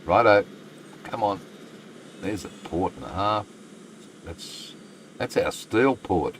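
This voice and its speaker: Brief: Australian male streamer, deep and slow, casual chatty asides, air conditioning hum behind. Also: lively intonation, poor audio. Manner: chatty, muttering asides to the game. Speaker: game streamer. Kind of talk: live stream commentary, reading chat.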